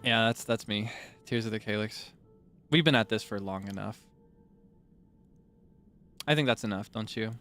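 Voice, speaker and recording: A man's voice: lowish voice, moderate pace, pauses often, a bit bright, soft background music. A man streaming live, chatting playfully with his viewers, teasing them and sharing bits of trivia. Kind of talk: casual livestream chat with viewers.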